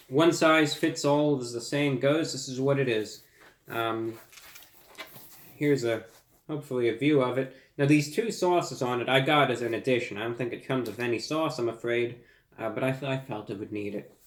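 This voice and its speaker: A man's voice: mid-range voice, reverberant. A man reviewing food in a formal, dramatic monologue, out of breath and stammering over restarts.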